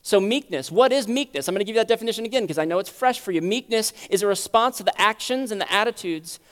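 Clear and resonant, this man's voice moves fast and expressively through a sermon in a church sanctuary, echoing with long reverb. He teaches in a conversational way, asking rhetorical questions, and swings from loud emphasis to quiet lows.

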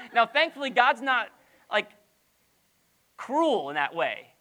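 A middle-aged pastor delivers a sermon in a bright, crisp voice. The pitch swoops widely as they move between playful acted-out asides and hushed, low emphasis, with many rhetorical questions. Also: very animated, slow. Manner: drops to a soft, low voice on key lines.

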